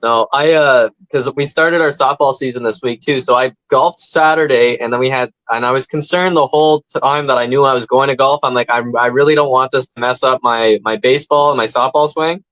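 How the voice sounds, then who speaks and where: A man's voice: medium pitch, a little fast, few pauses, fairly bright tone, no echo, rough recording. A man co-hosting a comedy podcast, telling stories in a laid-back way and swearing casually. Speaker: podcast co-host. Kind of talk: casual chat.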